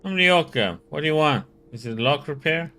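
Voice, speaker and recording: A man voicing an annoyed, nasal male locksmith who defends himself fast, reading game dialogue aloud. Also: on the high side, lively intonation, pushed and bright, voice pushed up. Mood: indignant. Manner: indignant, rapid self-defense.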